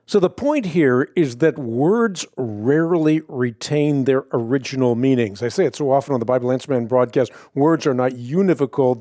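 Man, middle-aged, radio host, slow measured explaining, mellow tone, dry studio sound. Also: medium pitch, dry recording. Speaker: radio Bible question host. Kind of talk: radio call-in answer.

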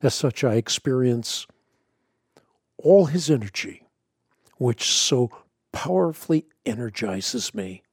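A man giving a scripted teaching on prayer, measured and earnest, leaning hard on key words. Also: medium pitch, expressive, husky, no echo, studio quality. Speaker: Christian teacher.

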